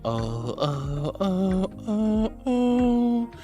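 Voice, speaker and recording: Bubbly, lively-voiced woman streamer. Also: mid-range voice, drawn-out words, soft background music. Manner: bubbly, affectionate, calls viewers sweetie and honey; reads chat messages aloud. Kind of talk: casual live-stream chat.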